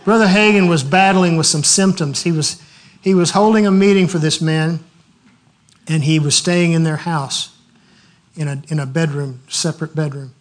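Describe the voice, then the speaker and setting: A man with a high voice preaches with animated storytelling. He laughs heartily as he acts out his stories. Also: normal speed. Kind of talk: sermon with storytelling.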